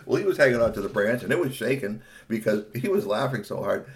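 A man telling an improvised children's story in an animated, playful way. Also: lowish voice, fairly quick, few pauses, a little hiss or hum.

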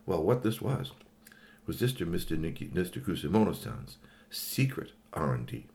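A man narrating a children's story, animated, with chatty asides and sudden high exclamations. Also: moderate pace, vocal fry.

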